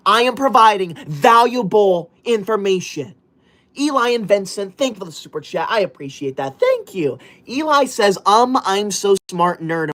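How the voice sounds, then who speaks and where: A man livestreaming in a strict teacher persona, reading viewer comments out loud in a loud, indignant and bossy way. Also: high voice, animated, measured pace.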